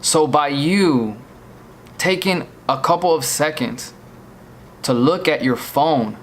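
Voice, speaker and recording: A man's voice: fairly high pitch, expressive, slow pace, a little hiss or hum. Shaken man pleading with viewers. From Virginia, US. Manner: shaken, pleading, repeats himself. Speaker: vlogger. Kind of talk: earnest storytime vlog.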